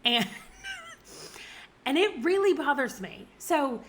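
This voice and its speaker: Here a book vlogger from the Southern United States, a woman in her forties, speaks slowly in a high-pitched, animated voice. She chats about books she has read in a casual review, her Southern American accent clear, and she laughs often.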